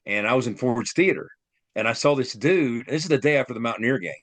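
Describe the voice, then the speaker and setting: A man's voice: mid-range voice, quick pace, no echo. A man co-hosting a casual sports podcast, recalling old stories at an easy pace with hesitant fillers. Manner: relaxed, reminiscing with hesitant fillers. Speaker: podcast co-host.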